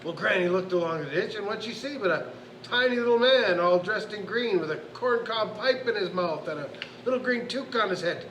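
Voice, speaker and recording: A man's voice: sits high, expressive, a little fast, a bit bright, reverberant, a little hiss or hum, rough recording. A man casually telling a bedtime story to kids, rambling with restarts and asides.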